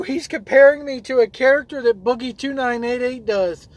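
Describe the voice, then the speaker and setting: A man's voice: very high voice, normal speed, no room sound. A man who drives trucks and hosts his own videos, reading viewer comments aloud in a loose, rambling way with lots of fillers and restarts.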